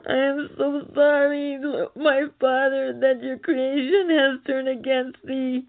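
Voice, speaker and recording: Woman, high and flat voice, pleading prophetic speaker, thin phone-quality recording. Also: slow pace, few pauses. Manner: earnest, tearful, pleading. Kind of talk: relayed prophetic message.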